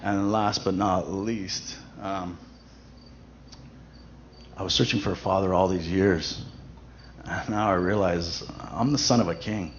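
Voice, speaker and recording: A man with a lowish voice gives a personal testimony at a church event. He talks in a loose, conversational way, full of fillers and restarts. The recording is dull and lo-fi, with a faint hiss of noise underneath. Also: fairly even intonation, unhurried, pauses often.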